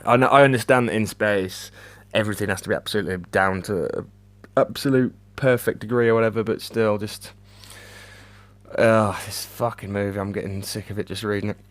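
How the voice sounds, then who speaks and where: A man giving a ranting, sardonic movie review, swearing a lot and swinging between flat mutters and loud outbursts. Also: on the low side, brisk.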